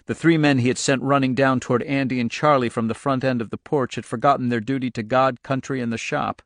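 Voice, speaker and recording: A man narrates a novel in a steady, measured storytelling voice of middling pitch. The recording is close and completely dry, with a studio audiobook feel. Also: dry recording. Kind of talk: scripted narration.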